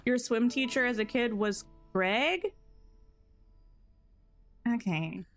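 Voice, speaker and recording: A woman's voice: fairly high pitch, animated, slow pace, faint music behind. A woman streamer chatting casually while gaming, rambling and giggling at herself. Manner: rambling, giggly, self-deprecating.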